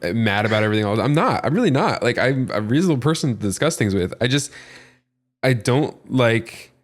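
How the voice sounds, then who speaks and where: A man's voice: medium pitch, fast. A man talking in a casual podcast discussion, earnest and frustrated, rambling with lots of "like" as he makes his point. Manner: animated, rambling, heavy use of "like". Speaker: podcast panelist.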